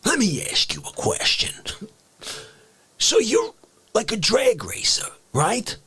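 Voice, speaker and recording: A man putting on a raspy, indignant ranting character who grills people, bursting into shouts. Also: sits high, huge pitch swings, slow pace, dry recording, pitched above the performer's own voice, heavily acted. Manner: shouting outbursts, mock-interrogating, rambling hypotheticals. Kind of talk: comedic character rant on a livestream.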